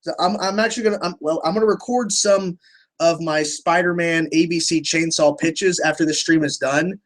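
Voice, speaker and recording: A man's voice: a little high, fairly even intonation, moderate pace. A young man hosting a casual livestream, answering viewer questions in a rambling way, restarting sentences and swearing freely.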